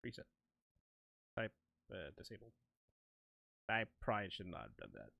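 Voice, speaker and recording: A man's voice: low voice, very animated, moderate pace, gravelly, bright, forceful tone, no room sound. A young man streaming himself making music, chatting casually, rambling and interrupting himself, often laughing. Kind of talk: casual live-stream talk while producing.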